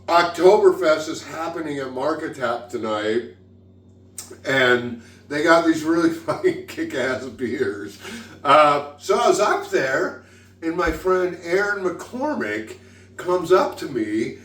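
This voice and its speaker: A man's voice: fairly high pitch, big pitch swings, takes it slowly, a bit bright, echoey room, recorded from a distance. A tipsy man hosting a casual cooking vlog in his home kitchen, rambling, giggling and swearing freely as he cooks. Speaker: home cook, vlog host.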